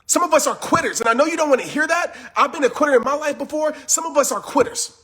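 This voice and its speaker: A man delivers a fired-up motivational talk, his voice strikingly high and the words rushing out fast. He yells with intense, repetitive urgency, hammering the same phrases again and again. He has just come from a workout. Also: lively intonation. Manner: yelling, intense and repetitive, preachy. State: just finished working out. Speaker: motivational speaker.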